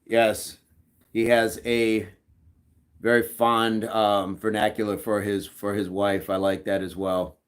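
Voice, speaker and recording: A man's voice: lowish voice, level tone, slow pace. A middle-aged man hosting a livestream, reading chat messages aloud in a casual, joking way and laughing often.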